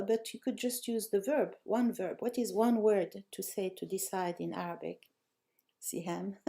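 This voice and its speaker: A woman runs a live online language class with a mellow, warm tone and a touch of gravel in her voice. She reads out her students' answers, corrects them gently and keeps praising them. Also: mid-range voice. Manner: encouraging, praises students often. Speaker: language teacher.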